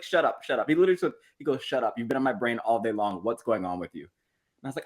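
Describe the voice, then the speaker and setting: Fast, lively brother telling a story. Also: male voice, mid-range voice. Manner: fast and expressive, acts out the voices in his story. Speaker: podcast co-host, one of the brothers. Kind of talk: casual storytelling among brothers.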